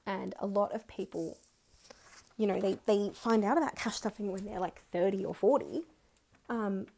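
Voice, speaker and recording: A woman in her twenties with an Australian accent, chatting excitedly and counting money aloud in a casual budgeting vlog. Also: mid-range voice, moderate pace, creaky. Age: 20s. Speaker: budgeting vlogger. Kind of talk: casual chat.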